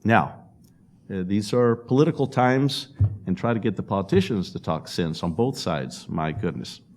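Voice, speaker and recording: A man's voice: on the low side, lively intonation, normal speed. A man speaking at a public panel discussion, telling stories and acting out quotes with laughs. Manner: storytelling with acted-out quotes and laughs.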